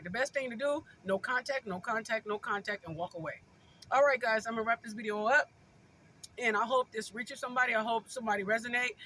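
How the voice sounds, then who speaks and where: A woman talking straight to her viewers in a casual advice vlog, with a high, bright voice. She hammers each point home, repeating short phrases over and over. Her tone is informal and conversational throughout. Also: a little hiss or hum. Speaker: vlogger giving relationship advice.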